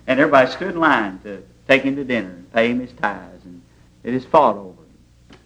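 In a church, a man preaches a sermon in a mid-range, slightly bright voice at a quick clip, spinning folksy stories in plain rural grammar. The recording is rough.

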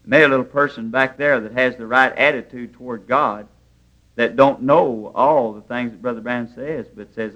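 A man preaching in a church, a mid-pitched voice that tells folksy stories with homespun grammar. The sound is dull and lo-fi, like an old sermon tape. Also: moderate pace, bright, forceful tone. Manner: folksy storytelling preaching, plain rural grammar.

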